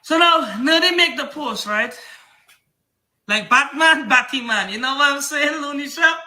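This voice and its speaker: A man's voice: very high voice, a little slow, pushed and bright, reverberant. A man with a Trinidadian accent, a comic book seller giving a rambling, heated, repetitive defense of himself on his livestream.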